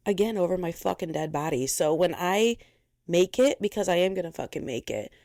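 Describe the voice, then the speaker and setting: A woman's voice: on the low side, animated, a little fast, warm tone, no echo, clean studio sound. A young woman hosting her own podcast, talking candidly in a blunt, fiery, heavily profane way. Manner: fiery, emphatic. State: close to tears. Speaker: podcast host. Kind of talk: candid monologue.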